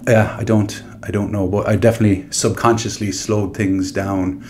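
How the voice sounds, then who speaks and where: A man with a soft Galway Irish accent talks in a low voice, easygoing and chatty, chuckling now and then as he tells stories. A faint hum of noise sits behind him. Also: little pitch movement, moderate pace. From Ireland. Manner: laid-back storytelling, laughs often. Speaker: guest. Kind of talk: casual chat.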